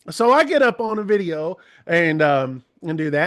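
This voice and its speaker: A man as an interview guest, telling stories in an animated, rambling way. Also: on the high side, normal speed, hardly any pauses. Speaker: interview guest, trucking commentator. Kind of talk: conversational interview.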